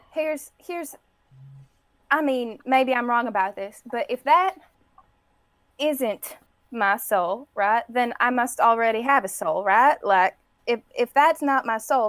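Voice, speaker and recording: A woman talks through her character's thoughts in a tabletop game, halting and restarting as she reasons. Her voice sits somewhat high. The sound is dry and close. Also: dry recording. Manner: hesitant, reasoning aloud. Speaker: player. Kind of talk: tabletop role-play, in character.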